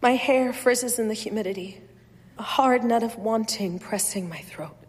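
A woman reading first-person literary fiction aloud in a measured, wistful, softly expressive way. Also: fairly high pitch, slightly rough, big-room sound. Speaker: reader.

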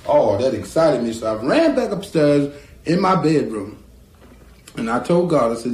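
A man, a guitarist telling a story from his childhood in a lively way and acting out the voices of people in it. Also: medium pitch, normal speed. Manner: lively storyteller who acts out quoted voices. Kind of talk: spoken storytelling. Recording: roomy with faint guitar behind.

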